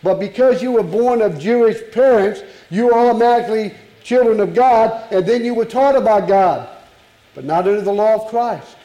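A man's voice: sits high, normal speed, dark tone, reverberant, highs cut off. A man preaching a sermon to a congregation, emphatic and full of rhetorical questions.

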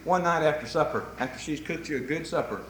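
A man with a high, bright voice preaches a sermon in a church auditorium, swooping up and down as he spins folksy stories. The room gives his voice a roomy echo. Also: quick pace, slight background noise. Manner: folksy, animated storytelling.

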